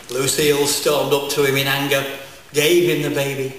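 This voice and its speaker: A man reciting comic verse live on stage at a folk festival, with a deadpan delivery full of wordplay. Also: medium pitch, normal speed. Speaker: comic poet. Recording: echoey live hall, distant mic.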